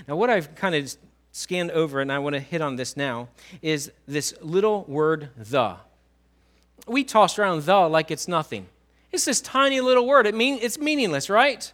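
A man preaching a sermon in a church, swinging between loud emphasis and quiet low lines and drawing answers from the congregation. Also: animated, normal speed. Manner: asks the congregation questions and writes on a whiteboard. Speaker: pastor.

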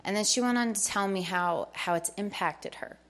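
A middle-aged woman gives a personal faith testimony to a church crowd. She tells it eagerly, like a story, and acts out the conversations she describes. Her voice sits at an ordinary middle pitch. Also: moderate pace, fairly bright tone. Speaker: church member sharing testimony.

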